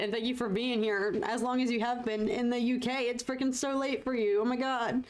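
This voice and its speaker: Chatty woman streaming while painting. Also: on the high side. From United States. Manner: chatty, laughs often, thanks chat viewers. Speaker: livestreaming artist. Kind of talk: casual chat while painting.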